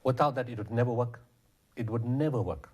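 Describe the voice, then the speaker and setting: A man with a medium-pitched, slightly mellow voice and a breathy edge talks a little fast. He's a charity founder appearing as an interview guest, passionately telling stories and quoting other people's dialogue.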